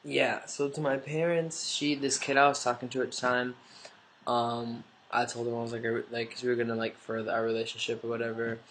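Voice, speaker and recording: A man with a stuffy nose talks straight into his camera in a loose, rambling vlog, tossing in "like" and casual swearing. His voice sits at an ordinary pitch but barely moves up or down. A faint hiss runs under the recording. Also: level tone, a little fast, a bit bright. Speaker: vlogger. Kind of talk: casual confessional storytelling.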